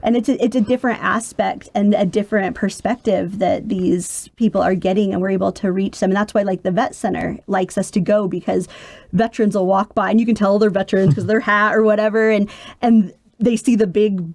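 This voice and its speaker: A woman's voice: mid-range voice, a little fast, no echo. A woman in her forties, a military caregiver, talking earnestly in a podcast interview and acting out quotes as she tells stories. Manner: earnest, animated storytelling with voiced quotes.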